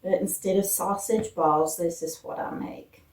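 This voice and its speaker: A woman from Appalachia hosting a casual cooking vlog in her home kitchen, chatting homey with fillers, her voice a bit rough from morning. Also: fairly low pitch, steady tone, unhurried, darkish tone. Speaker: vlog host. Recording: roomy echo, distant mic.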